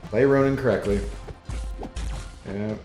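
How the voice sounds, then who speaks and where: A man's voice: fairly low pitch, measured pace, darkish tone. A man streaming a game from his apartment, chatting in a laid-back, rambling way and reading viewers' chat aloud. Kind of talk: casual live-stream chat while gaming. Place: apartment living room. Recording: roomy echo with faint music.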